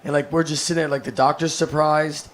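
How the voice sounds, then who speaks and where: Middle-aged guy doing standup, rambly deadpan, lots of likes and uhs, noisy live recording. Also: on the high side, fast talker. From United States. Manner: rambling deadpan storytelling with many fillers. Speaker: stand-up comedian. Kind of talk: stand-up comedy set. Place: stage before a laughing audience.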